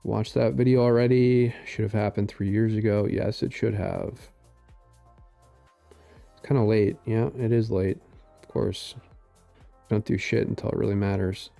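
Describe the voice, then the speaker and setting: Gravelly, dark-voiced man in his forties. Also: on the low side, fairly even intonation, a little slow, pauses often, soft background music. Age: 40s. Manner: rambling, sarcastic, many fillers. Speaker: political commentary streamer. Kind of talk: casual commentary reading posts aloud.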